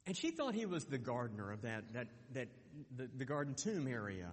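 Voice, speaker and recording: A man's voice: medium pitch, big pitch swings, normal speed, big-room sound. A man preaching a sermon, earnest, often repeating words as he restarts. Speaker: pastor.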